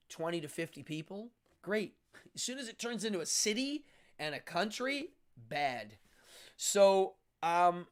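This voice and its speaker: Middle-aged male livestream host, lively sing-song delivery, rambling and chatty, talks straight to his viewers. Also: a little high. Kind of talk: casual livestream chat with viewers.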